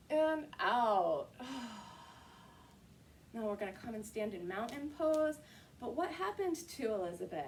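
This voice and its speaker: A woman hosting a children's story time, reading a picture book aloud and leading kids through yoga poses with expressive storytelling. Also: high voice, recorded from a distance, a little hiss or hum.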